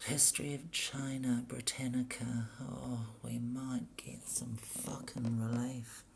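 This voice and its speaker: Vlogger, female: very low, slow, gravelly half-whisper; reads aloud, curses nonstop, exasperated. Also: little pitch movement, a little hiss or hum. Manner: swears constantly, grumbling and exasperated. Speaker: vlogger reading history pages aloud. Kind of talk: muttered reading aloud with running commentary.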